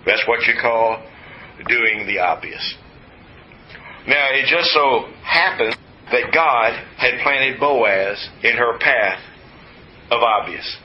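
A man from West Texas preaching a sermon in an emphatic, repetitive teaching manner with folksy asides. His voice sits at an ordinary middle pitch. The recording is slightly muffled with a faint background hiss. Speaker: pastor.

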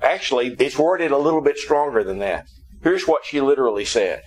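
A man's voice: medium pitch, animated, moderate pace, husky, rough recording. A man preaching a sermon who explains scripture through humorous storytelling.

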